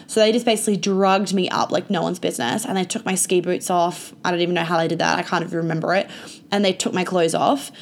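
A woman's voice: on the low side, fairly even intonation, quick pace. A young woman telling a personal story to her viewers in a casual, chatty way, full of "like" and frequent swearing. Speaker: vlogger.

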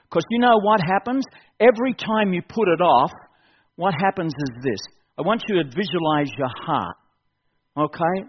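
A man preaching a fervent evening sermon at a church service, building to urgent appeals and repeating his key phrases. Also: on the high side. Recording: dull lo-fi sound.

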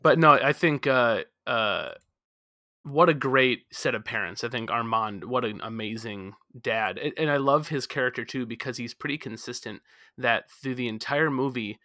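A man's voice: mid-range voice, moderate pace, bright, forceful tone, no room sound, studio quality. A man co-hosting a casual movie discussion, giving his opinions emphatically. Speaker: podcast co-host.

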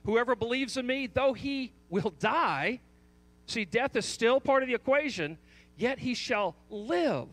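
High-voiced man preaching a sermon. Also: expressive, a little slow, fairly bright tone, dry recording. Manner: emphatic, repeats the key question, frequent restarts. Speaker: pastor.

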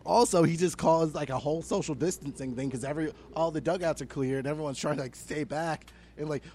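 A young man with a slightly high voice rants about sports on a casual comedy podcast. He swears freely and leans on filler words. His delivery stays animated and chatty. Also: quick pace, a little hiss or hum. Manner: animated ranting, swears a lot, many fillers. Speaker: podcast co-host.

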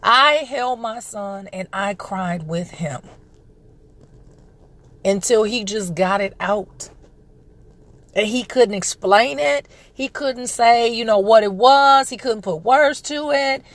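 A podcast host and parent in her thirties chats her way through a story in a relaxed monologue, speaking slowly in a slightly high voice. She keeps clearing her throat while recovering from a respiratory illness.

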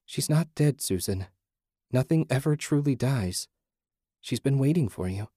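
A man voicing a calm, disembodied otherworldly voice that soothes and teases in a close, dry storybook reading. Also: medium pitch, a little slow, slightly rough, no room sound, voice pushed up. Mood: soothing, knowing. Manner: soothing, teasing, speaks in riddles.

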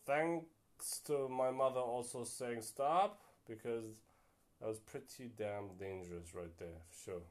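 Slow, rambling young man. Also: mid-range voice, darkish tone. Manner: rambling, self-deprecating, many fillers. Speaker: podcast host. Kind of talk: casual solo podcast monologue.

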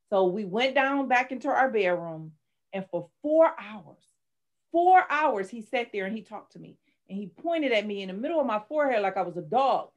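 A woman's voice: a little high, expressive, brisk. A middle-aged woman, candidly telling her life story in an interview with dramatic retellings. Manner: candid, dramatic retelling, rising to shouts when reliving anger. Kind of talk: personal testimony in an interview.

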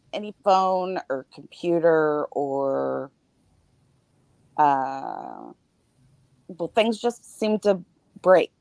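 A middle-aged woman on a podcast panel, telling a personal story in casual chat with halting starts and fillers. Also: low-pitched, vocal fry, warm tone, no echo.

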